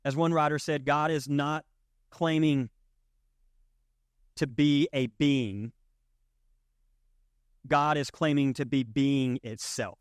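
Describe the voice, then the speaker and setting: A male pastor gives a conversational sermon in a fairly high voice. He keeps checking in with his listeners as he talks. The sound is dry and close. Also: fairly even intonation, takes it slowly, long pauses, smooth, dry recording.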